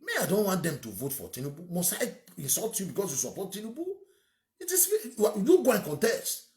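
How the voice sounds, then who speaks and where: A man's voice: high-pitched, sing-song, brisk, a little mellow, reverberant. A man with a Nigerian accent giving an opinionated monologue as a political commentator, emphatic and ranting, firing off rhetorical questions.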